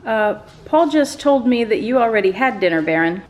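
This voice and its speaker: A woman's voice: expressive, moderate pace, a little hiss or hum. Chatty woman vlogger. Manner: chatty, talks sing-song and high to her pets. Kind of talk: casual vlog chat. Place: home kitchen.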